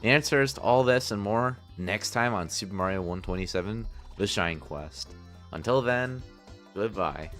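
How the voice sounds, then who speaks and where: Dude doing an over the top radio announcer voice, lowish, booming, music faint behind. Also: male voice, lively intonation, moderate pace, a bit bright. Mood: dramatic. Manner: booming, dramatic announcer cadence. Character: grand male radio announcer narrating the episode's end.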